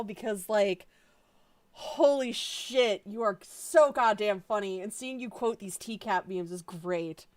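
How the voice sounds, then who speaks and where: A woman's voice: mid-range voice, slow pace. A woman reading bad fanfiction aloud with sarcastic, profane running commentary.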